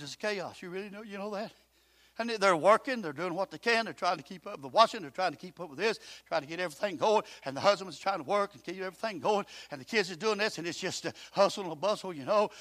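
A man preaching a storytelling sermon in folksy talk that swings from quiet asides to loud shouting. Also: high voice. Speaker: pastor. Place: church.

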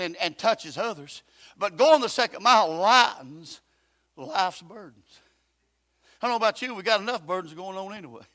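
Older preacher, high bright voice, impassioned, moves from quiet to shouting. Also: male voice, dry recording. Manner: impassioned, swings from soft talk to shouting. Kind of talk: sermon.

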